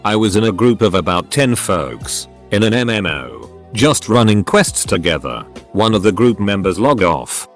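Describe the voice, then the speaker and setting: A man narrating a series of short online stories in a steady scripted read. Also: fairly low pitch, normal speed, few pauses. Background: faint background music.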